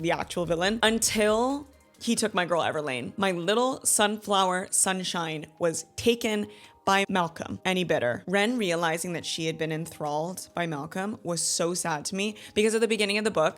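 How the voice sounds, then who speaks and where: Gushing young woman reviewing a book. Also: lowish voice. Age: 30s. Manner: gushing, animated retelling with quoted asides. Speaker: book club host. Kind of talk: casual book review chat.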